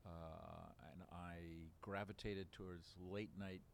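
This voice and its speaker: A man's voice: sits low, steady tone, takes it slowly, slight background noise. A man in his seventies from Baltimore, talking through memories at length in an interview, rambling with many fillers and restarts. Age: 70s. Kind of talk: relaxed reminiscing interview.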